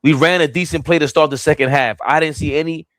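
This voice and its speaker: A man's voice: fairly high pitch, quick pace, dry recording. A young man doing casual live play-by-play on a fan stream, talking straight to the chat. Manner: excitable, voice jumps up when the action heats up.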